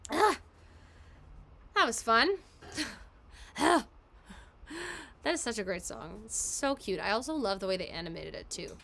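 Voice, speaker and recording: A woman voice actress casually chatting and answering fan questions on a live stream, giggly and quick. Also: mid-range voice, sing-song, creaky, sharp tone, a little hiss or hum.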